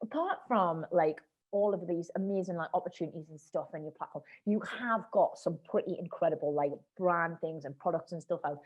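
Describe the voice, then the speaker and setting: Host, woman in her thirties, slangy and chatty, a bit husky. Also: on the low side, fairly quick, few pauses, a little mellow, highs cut off. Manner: chatty, slangy, calls people mate. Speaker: podcast host. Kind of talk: casual chat.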